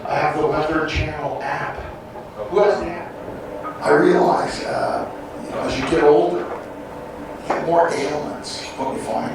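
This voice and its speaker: Man, stand-up comedian, crude self-mocking jokes, slightly high voice, distant mic, echoing hall, noisy. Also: steady tone, measured pace, pauses often. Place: theater on a cruise ship. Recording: echoey hall heard from far off, noisy.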